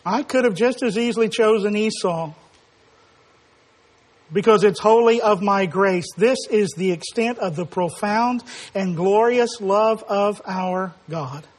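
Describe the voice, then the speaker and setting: A male preacher with a strikingly high voice delivers a sermon. He speaks with emphasis, pushing up to forceful declarations. When he tells a story, he acts out the quoted dialogue. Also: a little slow.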